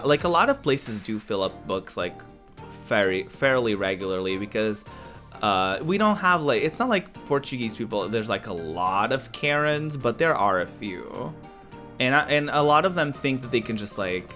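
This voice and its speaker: A man rambles through a casual livestream chat with a mid-range voice, stumbling over filler words as he tells his stories. Behind him, music plays very quietly. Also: mid-range voice. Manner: animated storytelling, laughs often. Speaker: streamer.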